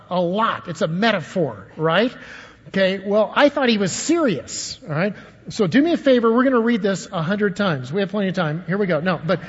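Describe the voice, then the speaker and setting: An older man preaching a sermon, telling a personal story and putting questions to his congregation. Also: high-pitched. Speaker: pastor. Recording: dull, long echo of a large hall.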